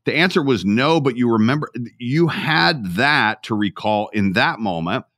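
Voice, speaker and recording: A man's voice: medium pitch, animated, moderate pace, fairly bright tone, no echo, clean studio sound. A male podcast host in a casual interview, enthusiastic and affirming toward his guest.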